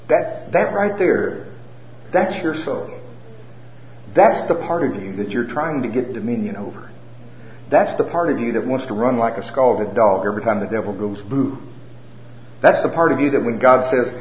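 A man's voice: mid-range voice, normal speed, a little hiss or hum. Folksy, humorous man preaching a sermon. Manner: folksy, humorous, animated storytelling. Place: church hall with a live audience. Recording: roomy, slightly dull sound.

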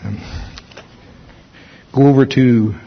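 A man preaching a sermon, telling a story with lively acted-out quotes. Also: medium pitch, slow pace, creaky, lo-fi sound. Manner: animated storytelling, acting out quotes.

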